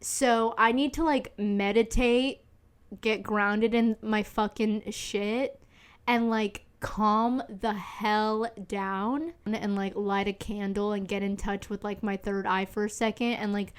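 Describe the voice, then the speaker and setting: Speaking slowly in a smooth, mid-range voice with fairly even intonation, a young woman in her twenties hosts a solo podcast and is seen recording on camera. It's casual chat, rambling and emphatic, loaded with fillers and swearing.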